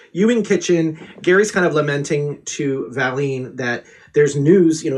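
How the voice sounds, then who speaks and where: An excitable man co-hosts a casual podcast recap, with a voice pitched somewhat high for a man. He jumps in eagerly and acts out the characters' lines as he goes. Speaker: podcast co-host.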